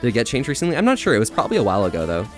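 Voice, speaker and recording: A man's voice: medium pitch, wildly swooping pitch, very fast, soft background music. A young man livestreaming and chatting casually with viewers. He rambles energetically and laughs at himself. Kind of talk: casual live-stream chat.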